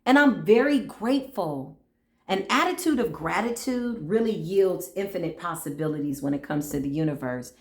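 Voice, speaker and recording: A woman's voice: lowish voice, normal speed. A middle-aged woman chats about spirit and everyday stories, slipping into other people's voices as she tells them. She talks from a room with a noticeable echo. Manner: animated storytelling, acts out voices, laughs often. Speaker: spiritual reader. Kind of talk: casual spiritual talk. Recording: echoey room.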